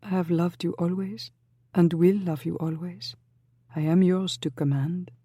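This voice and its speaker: A narrator voicing a bold young noblewoman who speaks softly and throatily, in a dry recording. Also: on the low side, steady tone, measured pace, slightly rough, no room sound, pitched above the performer's own voice. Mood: pleading. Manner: soft, throaty, urgent.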